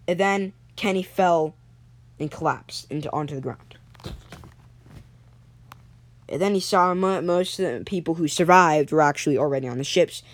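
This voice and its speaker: A young storyteller improvising a story episode, halting, with frequent restarts and self-corrections. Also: mid-range voice, no echo.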